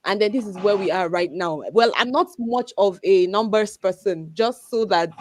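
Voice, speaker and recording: A woman's voice: mid-range voice, moderate pace, slight background noise. A woman hosting a live community session, thanking speakers and introducing the next one with enthusiasm. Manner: enthusiastic, encouraging. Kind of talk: hosting a live online event.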